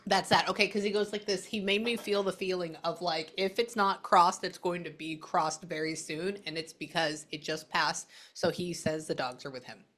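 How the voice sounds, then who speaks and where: A woman's voice: on the low side, steady tone, normal speed, hardly any pauses, a bit bright. A woman working as a psychic medium, chatting bluntly through a casual reading session indoors. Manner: chatty, blunt, quotes the spirit back and forth.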